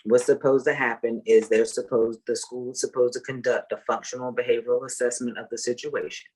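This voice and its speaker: A woman who works as a parent advocate, talking in a measured way with many fillers. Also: a bass voice, steady tone, darkish tone, husky, low-quality recording. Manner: measured, full of "um" and "you know". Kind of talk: casual chat.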